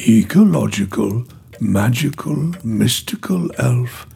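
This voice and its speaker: A man voicing a gentle, wise ancient female nature spirit, speaking softly and slowly. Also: fairly high pitch, sing-song, vocal fry, breathy edge, heavily acted. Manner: soft, slow, soothing.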